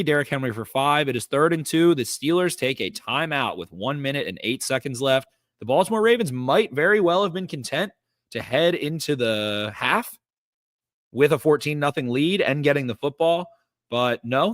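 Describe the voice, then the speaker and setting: A man's voice: mid-range voice, no room sound, clean studio sound. A man hosting a podcast, casually breaking down a football game play by play with lots of fillers. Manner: energetic, recaps plays with lots of fillers. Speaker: podcast host. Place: studio.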